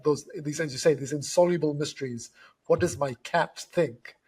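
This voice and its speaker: Slightly high husky guy interviewing, chatty and animated. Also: normal speed. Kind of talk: reflective conversation.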